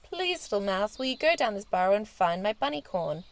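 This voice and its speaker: A woman voicing a kind, gentle young princess in a children's story, speaking in a sweet, earnest way. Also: medium pitch, big pitch swings, a little fast.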